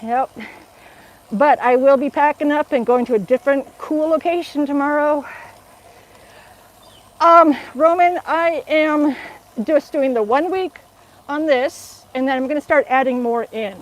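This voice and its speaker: A high-voiced woman talks a little slowly and pauses often, captured in poor audio. The middle-aged fitness vlogger, from Alaska and carrying an Alaskan accent, exercises outdoors while chatting and laughing with her live-stream viewers.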